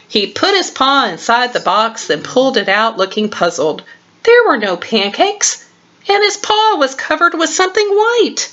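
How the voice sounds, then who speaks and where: An older woman at home reading a children's storybook aloud to her grandchild, warm and expressive, recorded on a webcam. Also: sits high, moderate pace, lo-fi sound.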